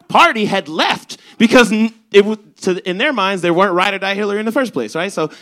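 Bright-voiced young male stand-up comic. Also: high voice, brisk. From Chicago's South Side. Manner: animated, swearing, acts out quotes. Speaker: stand-up comedian. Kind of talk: stand-up storytelling.

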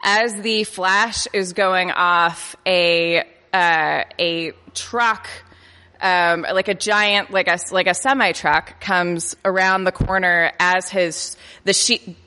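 A woman's voice: lowish voice, steady tone, slow pace, bright, forceful tone, smooth. A woman telling a personal anecdote in a self-deprecating way, tripping over her words and laughing as she goes. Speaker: storyteller. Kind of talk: personal anecdote told to an audience. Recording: long reverb of a hall.

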